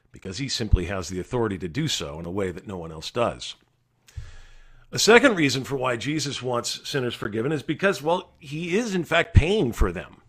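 Earnest preaching man, swinging loud to hushed. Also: mid-range voice, husky. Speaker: pastor. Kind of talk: devotional sermon. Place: recorded during quarantine.

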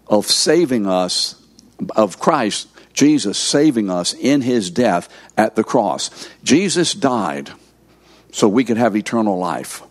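Man preaching, slow and deliberate. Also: mid-range voice, darkish tone. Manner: teacherly, asks the audience to fill in words. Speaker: pastor teaching a course session. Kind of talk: sermon.

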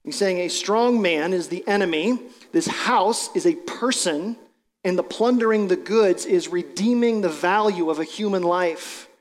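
A male pastor with a high voice preaches in a conversational, explanatory way. His voice carries a long reverb, as in a large church hall. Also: moderate pace, hardly any pauses. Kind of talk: sermon.

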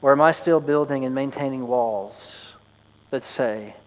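Earnest preacher in an echoing hall. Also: male voice, medium pitch. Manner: earnest, measured, with wry asides. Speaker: pastor. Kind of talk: sermon.

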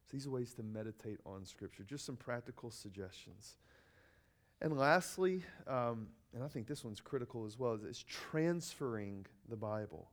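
A man giving an earnest sermon-style teaching, often repeating key phrases and pausing with ums and uhs. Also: medium pitch, lively intonation.

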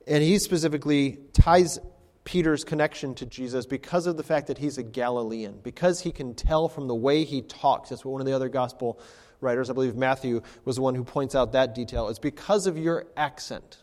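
A man preaching a sermon, leaning on rhetorical questions as he works through a passage. His voice sits at a middling pitch, and it carries with a long reverb as if filling a church hall. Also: fairly even intonation, fairly quick, darkish tone. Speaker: pastor.

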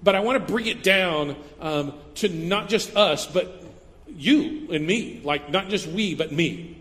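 A man's voice: high voice, a little slow, fairly bright tone. A male pastor preaching a sermon in a church, often stopping to correct himself mid-sentence. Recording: long reverb of a large hall.

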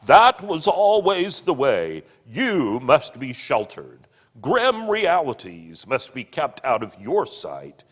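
A man voicing a self-pitying, theatrical ghost husband who declaims bitterly and loudly. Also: medium pitch, big pitch swings, slow, full character voice. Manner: declaiming, bitter, loud, drawn out. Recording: long hall reverb.

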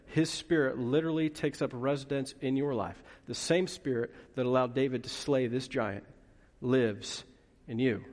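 A man preaching a sermon as pastor, lively and playful, with asides to the congregation. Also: medium pitch, in a large hall. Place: church hall.

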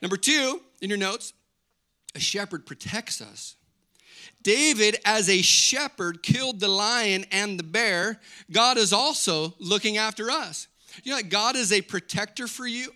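High, bright-voiced energetic male pastor. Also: measured pace. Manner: energetic, conversational preaching with audience questions and asides. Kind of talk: sermon.

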